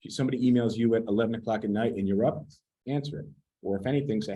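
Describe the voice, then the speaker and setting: A man's voice: on the low side, rapid-fire, dark tone, rough recording. A man giving a casual real estate training talk, blunt and sometimes swearing as he picks apart advice. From United States.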